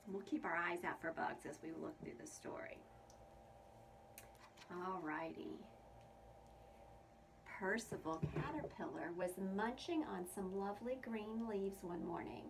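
A woman's voice: medium pitch, expressive, a little slow, pauses often. A woman preschool teacher reading a picture book aloud to young children, asking them questions about the pictures. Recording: distant mic with faint room noise.

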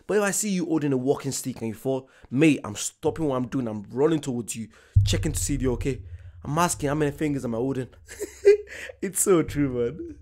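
A man's voice: mid-range voice, very animated, a little fast, darkish tone. A man in his twenties hosting a reaction video, chatting casually, laughing along and repeating punchlines. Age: 20s.

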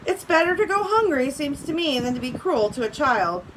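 A woman voicing a hungry male tiger from a storybook, reading him a little higher and louder than her own voice. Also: sing-song, normal speed, distant mic, slight background noise, low-quality recording. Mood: wry.

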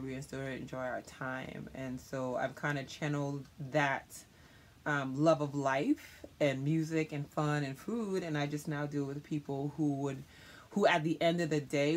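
A youth leader answering interview questions in an earnest, reflective way, often pausing with fillers. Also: medium pitch, slight background noise.

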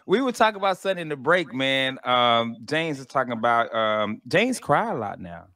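A man's voice: mid-range voice, very animated, normal speed, pushed and bright, a little hiss or hum. A man co-hosting a radio comedy show, chatting casually and laughing often. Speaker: radio co-host.

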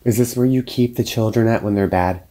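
A man investigating a haunted basement, talking in an urgent, excited way to his team. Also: lowish voice, fairly quick. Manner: animated, urgent calls to the group. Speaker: paranormal investigator. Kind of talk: excited ghost-hunt chatter. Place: old basement, indoors.

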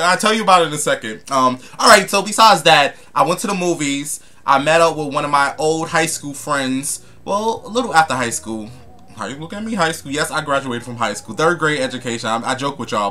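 Brisk and bright, with a medium pitch that sounds pushed, this young vlogger chats casually to camera. He's sassy and flamboyant, addressing viewers as honey and darling amid dramatic, gossipy asides.

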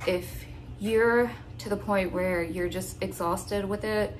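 A woman's voice: mid-range voice, steady tone, slow, slight background noise. A woman chatting casually in a home vlog, a little out of breath after exercising. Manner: chatty and informal, with fillers. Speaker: fitness vlogger.

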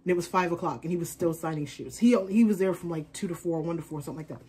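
A woman's voice: fairly low pitch, very fast, dark tone, husky. A woman chatting casually in an unboxing vlog, rambling on as a fashion vlogger.

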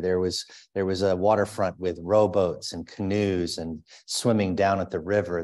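A man's voice: low-pitched, a little mellow. A male priest giving a conversational sermon, telling a personal story with many fillers. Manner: chatty, with fillers and restarts.

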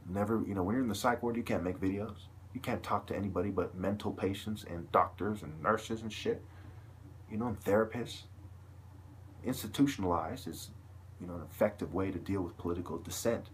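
A man's voice: low-pitched, a little hiss or hum. A man delivering a long, agitated, profane vlog monologue to camera, peppered with "you know.". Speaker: video blogger.

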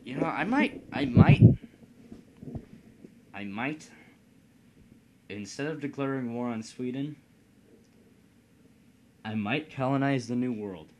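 Slow and full of long pauses, his mid-range voice has a darkish tone against slight background noise. The let's play host from Indiana, United States, jokes about himself while rambling through casual commentary at his home computer.

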